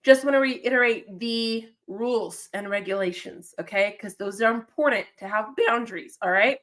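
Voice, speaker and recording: A woman's voice: medium pitch, normal speed, fairly bright tone. A woman hosting a football call-in livestream, chatting casually with an upbeat, talkative manner and frequent repeated phrases. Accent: non-standard accent, remarked on by a viewer.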